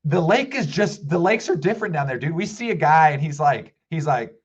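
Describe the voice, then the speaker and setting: A man guest on a fishing podcast, telling a story in a lively, casual way and acting out what people said. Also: on the high side, fairly quick, slightly rough, lo-fi sound. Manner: animated, acts out quoted voices.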